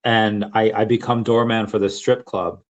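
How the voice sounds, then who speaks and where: A man's voice: on the low side, level tone, normal speed, lo-fi sound. A man in his thirties hosting a podcast, telling a long story in casual chat, full of fillers and restarts. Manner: rambling, lots of fillers and restarts. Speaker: podcast host.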